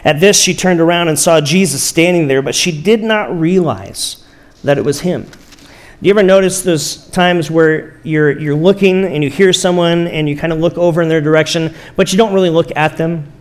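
A man with a somewhat high voice delivers a sermon as a relaxed storyteller. He keeps it conversational, asks his listeners questions and slows down to let key lines land. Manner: storytelling, conversational, with rhetorical questions and slow pauses for emphasis. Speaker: pastor.

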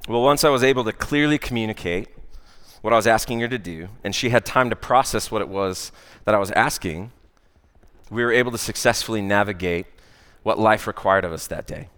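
An American man delivers a sermon built around a personal story, talking casually with frequent "uh"s and "right?" checks. His voice is smooth and a touch low. The sound rings with the long reverb of a large worship hall. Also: brisk, fairly bright tone. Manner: conversational, many "uh" fillers and "right?" asides. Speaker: worship director preaching.

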